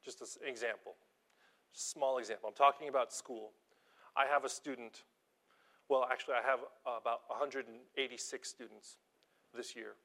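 A man preaching an informal sermon, telling stories from his teaching job in an animated, self-deprecating way, dropping to quiet asides and rising to loud emphasis. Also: medium pitch, moderate pace, pauses often. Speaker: preacher and schoolteacher.

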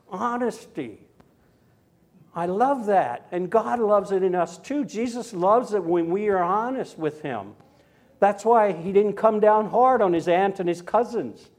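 An older man preaching a sermon in a chatty, anecdotal way, with frequent asides and tag questions. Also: high voice. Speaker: pastor. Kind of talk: sermon with personal story.

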